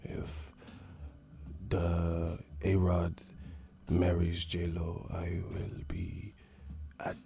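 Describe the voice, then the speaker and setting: A man doing an impression of a soft-spoken retired boxer who whispers slowly and hesitantly, full of ums. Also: low-pitched, completely flat delivery, gravelly, voice pushed down, exaggerated voice. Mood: whispering.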